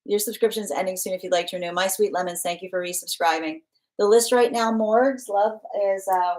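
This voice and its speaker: A woman with a medium-pitched, fairly even voice speaks briskly on a rough recording. She's hosting a live-stream tarot reading, greeting viewers by name and reading their comments aloud, chatty and warm as she rambles with fillers over the cards.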